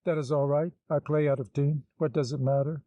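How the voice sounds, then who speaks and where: A man voicing a towering, sinister man who mocks his friend in a slow, taunting drawl. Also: a little high, steady tone, warm tone, no echo, close to an everyday voice, rough recording. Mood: mocking. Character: towering sinister mocking man, scornful schemer.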